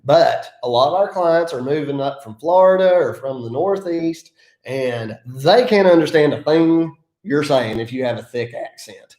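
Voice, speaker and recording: A man's voice: fairly high pitch, lively intonation, unhurried, a little mellow. A man from the mountains of North Carolina with an Appalachian accent, giving folksy, self-deprecating business advice in a casual vlog. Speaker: land clearing contractor. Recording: echoey room.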